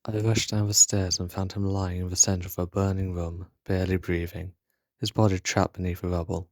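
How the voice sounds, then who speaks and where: A man giving voice to a young woman agent telling of a loss in a quiet, sorrowful way. The voice stays deep and close, with a dry sound. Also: flat delivery, fairly quick, no room sound. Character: grieving young woman agent recalling a death.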